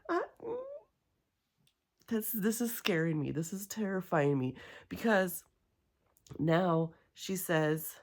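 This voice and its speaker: A woman chatting casually in a reading vlog, rambling and excitable with many fillers. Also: on the low side, measured pace. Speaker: book vlogger.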